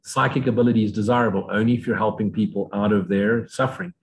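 A man giving an unscripted spiritual lecture, blunt and profane, mocking other views in sudden high voices. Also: steady tone, quick pace, rough recording. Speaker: spiritual teacher.

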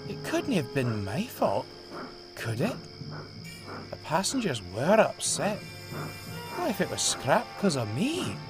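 A man's voice: a little high, wildly swooping pitch, slow pace, long pauses, pitched above the performer's own voice, exaggerated voice, low-quality recording. A man voicing an anxious, fretful young male steam engine. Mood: worried. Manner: fretful, self-doubting. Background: music.

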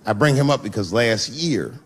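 A man's voice: medium pitch, animated, moderate pace, husky. A man telling a profane stand-up comedy story, acting out the voices of the people in it. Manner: profane, storytelling, acts out dialogue. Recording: live show with audience laughter. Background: audience laughter.

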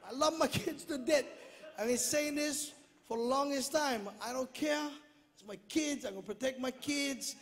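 A middle-aged man from Hawaii, speaking English with a Hawaiian Pidgin accent, doing an animated stand-up comedy routine full of shouted punchlines and acted-out voices. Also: extremely high pitch, normal speed. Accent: Hawaiian Pidgin-tinged English. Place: large theater stage. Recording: live theater with echo, crowd laughter and noise. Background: audience laughing.

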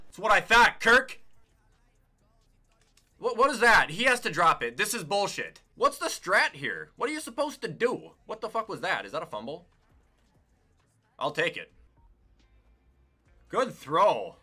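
A young man giving profane, excitable commentary while playing a football video game, swinging from mutters to shouts. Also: fairly high pitch, moderate pace. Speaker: gaming YouTuber. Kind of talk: profane live gameplay commentary.

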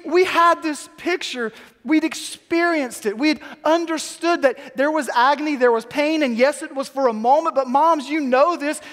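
A man in his thirties preaching a sermon in a church, telling a story with quick, lively asides. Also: very high voice. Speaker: pastor. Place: church sanctuary. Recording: long church hall reverb.

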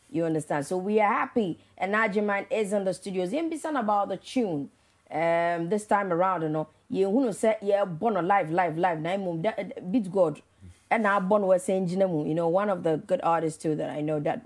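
A woman's voice: lowish voice, a little fast, a little mellow. A Ghanaian woman with a Ghanaian accent hosting a casual morning show interview, mixing Twi and English with many hesitant fillers. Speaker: radio show host.

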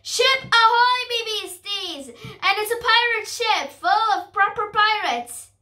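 A woman reading aloud and voicing an excitable male crow shouting from the lookout. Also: takes it slowly, echoey room, full character voice. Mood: excited. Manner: shrill shouts.

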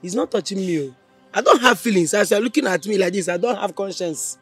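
A man's voice: sits high, lively intonation, brisk, fairly bright tone, husky, soft background music, exaggerated voice. An actor with a Nigerian accent playing a lazy, drunken village husband who waves off his wife with mockery. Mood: defiant. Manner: dismissive, mocking, defiant.

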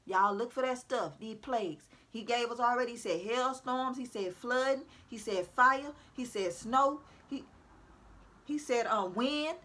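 High bright-voiced woman preaching to viewers. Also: a little slow. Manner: preachy, repetitive, calls out to her audience. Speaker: self-styled prophetic speaker. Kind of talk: informal religious exhortation to viewers. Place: at home.

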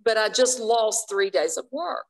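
A woman guest author telling a personal faith story in an interview, earnest and quick to laugh. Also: a little high, poor audio.

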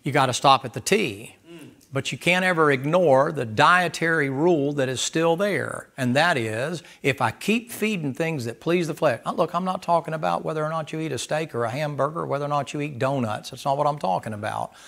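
A male preacher delivers a sermon with folksy, animated energy, acting out little dialogues as he goes. His voice sits a little high for a man. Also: brisk, vocal fry.

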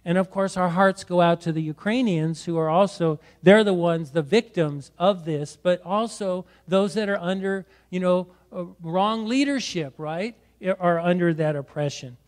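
A man's voice: high voice, moderate pace, few pauses, darkish tone. A middle-aged man, a pastor preaching a sermon in church, exhorting and often adding "right?". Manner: exhorting, repeats words and adds "right?". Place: church sanctuary.

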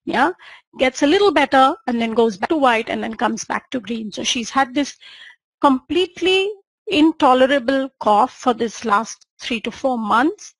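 A woman's voice: high voice, expressive, normal speed, husky, dry recording, rough recording. A woman with an Indian English accent, teaching homeopathy and retelling a patient's case, often checking in with her listeners. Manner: retells the patient's words in first person, with frequent "yeah?" checks. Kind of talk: lecture presenting a case.

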